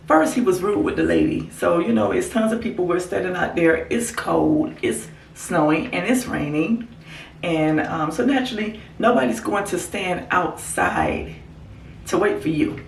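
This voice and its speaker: A woman vlogger telling a casual story to her camera, animated and acting out what people said. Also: creaky, slight background noise. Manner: animated storyteller, acts out quotes in a higher voice. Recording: echoey room.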